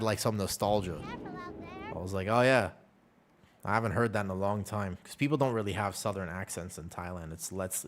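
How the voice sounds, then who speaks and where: A man's voice: fairly low pitch, a little hiss or hum. A man streaming from home, chatting casually and rambling with his viewers. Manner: rambling, relaxed, chats with viewers. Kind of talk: casual chat with chat while gaming. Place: at home with a cat.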